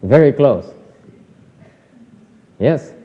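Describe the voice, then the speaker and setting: A man's voice: mid-range voice, expressive, drawn-out words, a little hiss or hum. A man, a Buddhist teacher, giving a Dharma lecture in a temple hall, teasing and questioning his audience with lots of repetition. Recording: dull audio with hall reverb.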